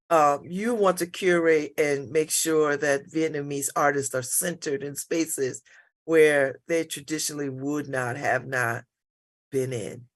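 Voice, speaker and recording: A middle-aged woman hosts a radio talk show in a relaxed, effusive manner. Her voice sits on the low side for a woman, and she stumbles into fillers now and then as she tees up her guest. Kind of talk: casual interview chat.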